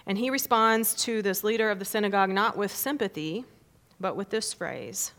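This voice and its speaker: A woman preacher giving a sermon, reading scripture expressively, with rising swells and hushed drops. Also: mid-range voice, lively intonation, moderate pace.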